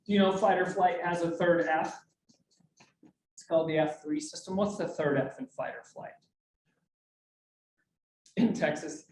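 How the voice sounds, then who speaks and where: A man's voice: a little high, steady tone, measured pace, long pauses, a little mellow. A man giving a motivational talk to a business group in a meeting room, jokey and full of questions to the audience. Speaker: speaker. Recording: roomy, mic from a distance, faint hum.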